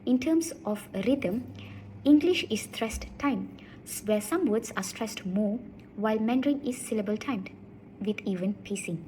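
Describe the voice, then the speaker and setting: Soft-spoken woman giving a class presentation. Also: fairly high pitch, a little slow, slight background noise, rough recording. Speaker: student presenter.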